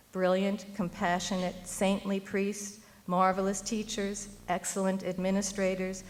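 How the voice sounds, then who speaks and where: A middle-aged woman giving a prepared speech at a university event, earnest and rhetorical, building to emphatic appeals. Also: on the low side. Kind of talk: prepared speech read aloud.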